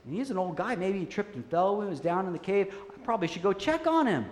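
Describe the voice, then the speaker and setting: A man's voice: sits high, very animated, fast talker, a little mellow, roomy sound, in a large hall, pitched above the performer's own voice. A man voicing an eager young male monk who asks worried, curious questions in a raised voice.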